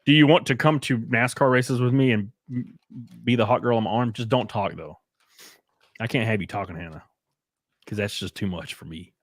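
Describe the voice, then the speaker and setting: A man's voice: mid-range voice, a little fast, no room sound. A man hosting a livestream, reacting to clips with crude, profane, blunt rants. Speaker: streamer host.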